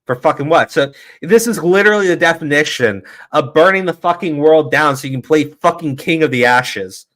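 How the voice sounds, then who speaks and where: A man ranting on a stream, swearing constantly and dripping with sarcasm. His voice runs slightly high and cuts through bright and forceful. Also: big pitch swings, moderate pace. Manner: profane, heated, sarcastic. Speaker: streamer commentator. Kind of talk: ranting livestream commentary.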